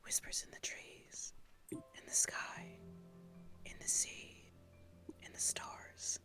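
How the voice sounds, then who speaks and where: A woman voicing an ominous masked spirit elder in a breathy whisper, a whispered role-play. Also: slow, music in the background, lightly acted.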